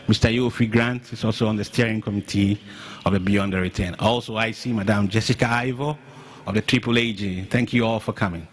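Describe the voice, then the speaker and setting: A man's voice: medium pitch, a bit bright. Guy mc'ing a ceremony, polite, stumbles a bit on names, faint noise behind. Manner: polite and halting, with restarts. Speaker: master of ceremonies. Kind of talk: ceremony announcements.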